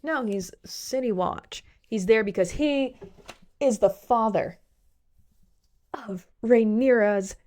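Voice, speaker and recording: A young woman giving a casual, gossipy recap of a TV series, swearing freely and acting out the characters' lines in quick asides. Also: a little high, darkish tone.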